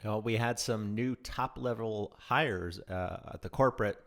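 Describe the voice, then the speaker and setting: A man's voice: on the low side, fairly bright tone. A man co-hosting a casual news podcast, reading news with frequent ums and restarts. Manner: halting, many ums and restarts. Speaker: podcast co-host.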